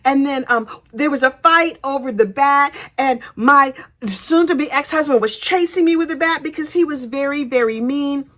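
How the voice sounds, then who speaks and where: A woman's voice: high-pitched, normal speed, a bit bright. A woman giving a sassy, chatty, casual recap of a trial, acting out the people she quotes. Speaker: true crime commentator. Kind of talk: casual true crime recap.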